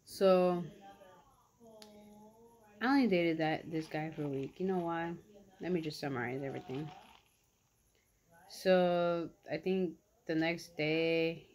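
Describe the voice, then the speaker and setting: A young woman with a slightly low voice tells a story casually into her camera between bites. Her talk is chatty and slangy, packed with "like" and acted-out reactions. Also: slow, pauses often. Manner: chatty, slangy, animated retelling with lots of "like". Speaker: vlogger. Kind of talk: casual storytime while eating.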